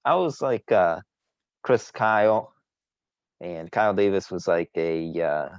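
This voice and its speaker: A very low-voiced man talks fantasy baseball on a casual podcast, bragging and teasing his friends. He rambles and restarts his sentences. The audio is dull and dry, recorded close. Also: expressive, slow, clear, resonant tone, dry recording. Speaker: podcast co-host. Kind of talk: casual sports chat.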